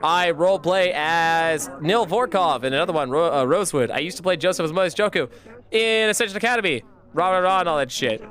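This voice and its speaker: A man chatting casually and profanely as a streamer, joking with his viewers and bursting into shouts. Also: sits high.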